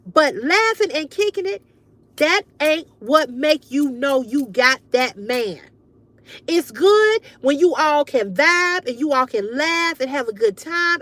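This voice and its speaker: A high-pitched woman chats on her livestream, handing out blunt, emphatic advice and cursing freely. Her voice is close and dry, with no room sound around it. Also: sharp tone, no room sound. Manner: emphatic, frank, swears freely. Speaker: livestream host. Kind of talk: casual advice chat to viewers.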